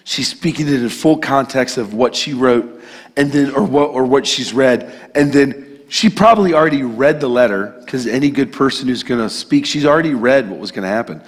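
A man's voice: mid-range voice, normal speed, breathy edge. Casual preaching man, hall reverb. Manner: conversational and emphatic, with casual asides. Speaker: pastor. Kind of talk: sermon. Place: church sanctuary.

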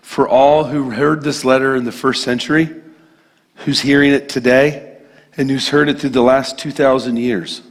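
A man's voice: medium pitch, steady tone, moderate pace. A man preaching a sermon in a church in a conversational, emphatic way, with casual asides. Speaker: pastor. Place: church sanctuary. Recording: long hall reverb.

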